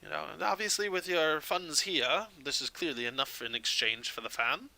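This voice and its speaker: A man's voice: fairly high pitch, normal speed, gravelly, sharp tone, a little hiss or hum, voice pushed up, full character voice. A man voicing a fussy male shopkeeper who appraises gems, wheedling and repeating his words.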